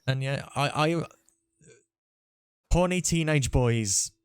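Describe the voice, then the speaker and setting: A man's voice: fairly high pitch, slow pace, clean tone, no echo. Chatty man hosting a podcast. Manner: chatty, rambling with restarts. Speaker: podcast host. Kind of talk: casual chat.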